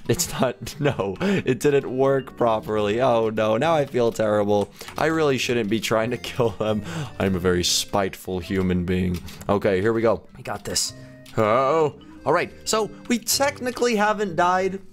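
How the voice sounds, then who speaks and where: Guy doing goofy let's play commentary, pitch jumping all over, talks to himself a lot. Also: measured pace, soft background music. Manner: playful, animated, jokey self-talk. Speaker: gaming video host.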